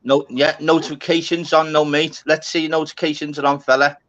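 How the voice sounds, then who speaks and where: A man's voice: on the high side, flat delivery, brisk, fairly bright tone, highs cut off. A man hosting a casual live-stream chat, swearing and calling people mate and lad. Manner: chatty, swears, keeps saying mate and lad. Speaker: channel host.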